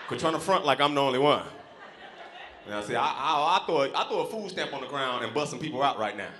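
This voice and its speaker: High animated man doing stand-up. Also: echoey room. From South Central Los Angeles. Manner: loud, animated, acts out characters. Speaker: stand-up comedian. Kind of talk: stand-up comedy set. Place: comedy club stage. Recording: live club crowd noise. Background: laughing club audience.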